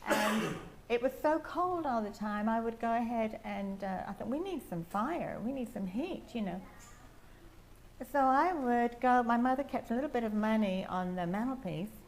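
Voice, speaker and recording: An older woman with an English accent, sharing a meandering personal testimony with soft laughs. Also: a little high, normal speed, slight background noise. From England. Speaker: testimony speaker at a prayer house.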